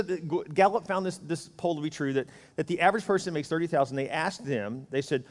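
A man pastor giving a conversational, joking sermon full of rhetorical questions. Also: on the high side. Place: church sanctuary. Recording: church hall reverb.

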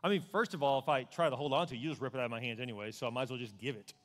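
A man preaching a sermon as a pastor, animated, acting out the voices of God and of people praying. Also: medium pitch, rapid-fire. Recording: long hall reverb.

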